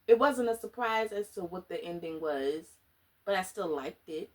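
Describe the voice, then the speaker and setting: A woman chatting casually in a book review vlog, animated and slangy, dramatic and often laughing. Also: fairly low pitch, moderate pace. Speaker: book vlogger.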